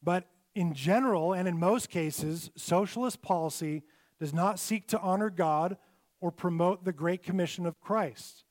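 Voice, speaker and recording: A male pastor preaching a sermon in church. He speaks earnestly and deliberately, and his voice drops off at the ends of his points. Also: high-pitched, darkish tone.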